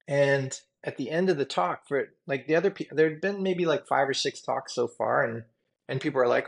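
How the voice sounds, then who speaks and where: Gravelly, earnest tattoo artist man. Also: medium pitch, normal speed. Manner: rambling, filler-heavy, earnest and emotional. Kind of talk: candid storytelling interview.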